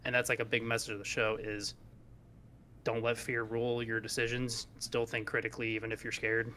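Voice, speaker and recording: A man's voice: mid-range voice, monotone, a little fast, bright, forceful tone, a little hiss or hum. A man co-hosting a podcast in casual chat, rambling along, laughing and swearing as he talks. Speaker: podcast co-host.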